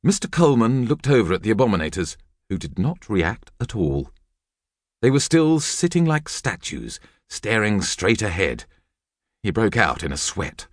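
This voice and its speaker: A man narrating a children's audiobook with lively, expressive storytelling. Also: on the low side, normal speed, no room sound, clean studio sound.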